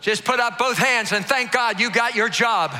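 A man's voice: very high voice, normal speed, noisy background. A man preaching as pastor, rousing his congregation and leading them in call-and-response. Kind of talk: sermon. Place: large church hall.

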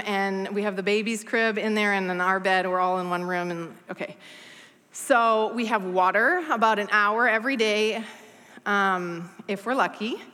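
A woman's voice: medium pitch, bright, forceful tone. A woman in her thirties giving a chatty, self-deprecating talk to a church congregation, full of playful asides. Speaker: guest speaker at a church service. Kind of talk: humorous personal talk to a congregation. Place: church hall. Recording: long hall reverb.

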